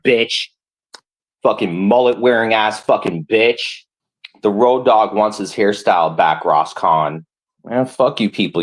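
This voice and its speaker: Furious profane man ranting. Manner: furious, profane, lively pitch. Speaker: livestreamer. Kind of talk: angry livestream rant.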